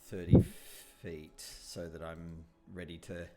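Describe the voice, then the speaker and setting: A man's voice: sits low, little pitch movement, slow, mellow, faint music behind. A man playing in an online tabletop game, hesitant and full of fillers while he works out his moves. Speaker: player. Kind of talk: casual table talk during a game. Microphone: online call microphone.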